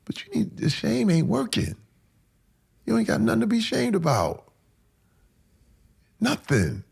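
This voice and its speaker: A man opening up as an interview guest, earnest and emphatic, leaning on repeated phrases to drive each point home. His voice is gravelly, with a husky edge, and he now and then sinks into a near whisper. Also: high-pitched, wildly swooping pitch, measured pace. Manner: drops to a hushed whisper at moving moments. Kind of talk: candid personal storytelling.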